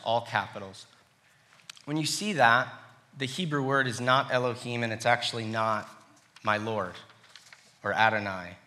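A middle-aged man preaching a sermon, reading scripture slowly and then telling personal stories with lively acted-out quotes. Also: mid-range voice. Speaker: pastor.

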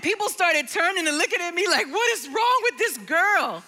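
A middle-aged woman giving a sermon testimony, telling her story expressively, dropping to hushed tones and singing bits of lyrics. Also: high voice, a little hiss or hum. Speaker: worship leader giving testimony.

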